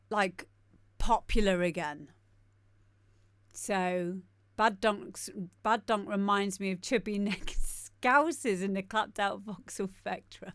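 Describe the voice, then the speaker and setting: A woman's voice: mid-range voice, clear, resonant tone, dry recording, studio quality. A woman DJ hosting a live-stream show, giving chatty, rambling commentary on the tracks and laughing often. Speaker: DJ and show host.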